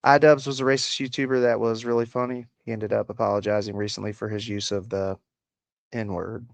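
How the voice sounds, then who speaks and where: A man's voice: fairly low pitch, flat delivery, brisk, gravelly, dry recording. A man with a slight Appalachian country accent, hosting a casual livestream, reading chat aloud and answering with crude, sarcastic swearing.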